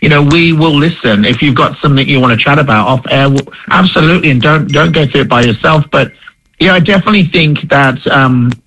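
A man's voice: a little high, brisk, a bit bright, breathy edge, poor audio. A man co-hosting a radio talk show, speaking candidly and openly, with some self-deprecation, on a radio broadcast. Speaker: radio co-host. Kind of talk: casual radio chat.

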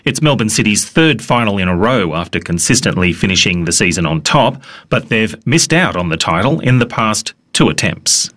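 A male newsreader delivers a bulletin in a measured, formal manner. His voice is fairly low but moves a lot in pitch. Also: animated, fairly bright tone. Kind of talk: news bulletin reading.

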